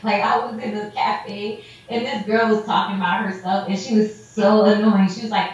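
A woman telling stories in casual chat, animated and acting out what people said, with lots of "like". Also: mid-range voice, normal speed, hardly any pauses. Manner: animated storyteller, acts out quotes, heavy "like" filler. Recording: roomy echo, dull lo-fi sound.

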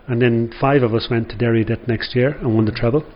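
A man's voice: mid-range voice, fairly even intonation, fast talker, highs cut off, a little hiss or hum. An older Irish man, a former footballer, telling rambling anecdotes in an interview with lots of "you know". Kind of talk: storytelling interview.

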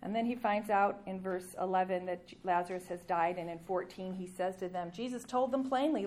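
A woman's voice: medium pitch, a little mellow. Woman preaching and reading scripture. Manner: reads scripture aloud with emphatic rises and pauses.

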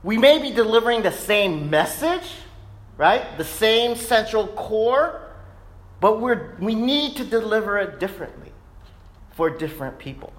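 Unhurried yet very animated, a man in his thirties preaches a casual sermon from a church sanctuary in a high, somewhat bright voice. He weaves in stories with frequent "right?" asides.

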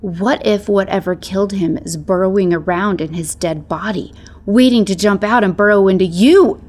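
A woman voicing a cheeky young male wolf pup who chatters excitably in a storybook reading. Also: mid-range voice, slow pace, voice pushed up, heavily acted. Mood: excited, whiny.

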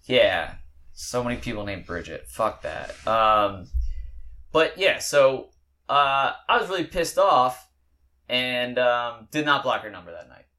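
Young male podcast host with a bright, forceful voice; candid, rambling storyteller who swears freely. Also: medium pitch, animated, measured pace.

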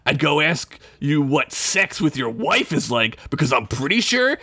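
A man voicing a big, boastful male orc who talks in a gruff, insulting way. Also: a little high, sing-song, measured pace, pushed and bright, full character voice. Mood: scornful.

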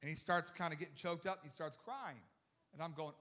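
In this sermon, a young man with a high voice tells a story full of animated energy. As a pastor, he repeats words as he goes and quotes people in rapid bursts, his delivery leaping from loud excitement to quiet asides.

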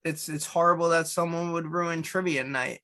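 A man's voice: fairly high pitch, steady tone, normal speed, bright, forceful tone. A man hosting a casual chat, asking teasing, playful questions. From New Jersey.

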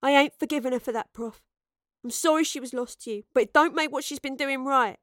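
A woman voicing a young working-class woman, blunt, slangy, urgent, higher voice, dry. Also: fairly quick, a bit bright, dry recording. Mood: defiant. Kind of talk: audiobook character voice.

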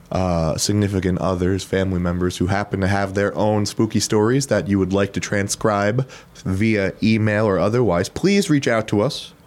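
A man's voice: lowish voice, darkish tone. A man co-hosting a podcast in casual chat, laid-back and joking, swearing now and then. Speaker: podcast co-host.

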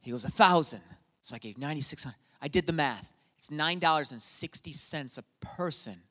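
Preacher, male, middle-aged, bright and fairly high voice, storytelling sermon with long hall reverb. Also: expressive, brisk. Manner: storytelling, swings from quiet to shouting. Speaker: pastor. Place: church hall.

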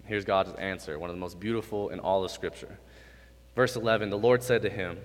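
Young guy preaching in a big echoey hall, lowish voice, gets loud and animated then drops quiet. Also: brisk. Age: 20s. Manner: animated, swings from quiet to loud and high when acting out God's lines. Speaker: youth pastor. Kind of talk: sermon. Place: hall with an audience. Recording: reverberant hall.

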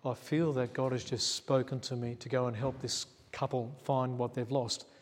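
A pastor with a medium-pitched voice and little pitch movement tells a sermon story at a moderate pace. Chatty and self-mocking, he acts out each quote, and long church reverb lingers on the recording.

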